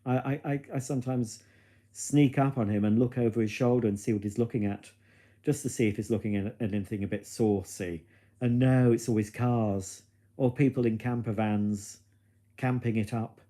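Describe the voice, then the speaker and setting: In a mid-range, dark voice with a steady tone and moderate pace, a man hosts a casual livestream from home. Reading out viewer comments, he chats with his live audience in a camp, cheeky, gossipy way laced with innuendo, musing aloud as he goes.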